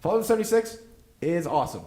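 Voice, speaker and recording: A man hosting a casual gaming podcast, talking at a rapid clip in a loose, rambling way. He swears freely and strings thoughts together with plenty of fillers. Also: a little high, very animated, mellow.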